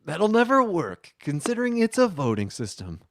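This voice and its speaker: A man's voice: sits high, wildly swooping pitch, moderate pace, a bit bright, dry recording, studio quality. A man co-hosting a casual podcast, brash and profane, joking around. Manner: joking, brash, playful voices. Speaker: podcast co-host.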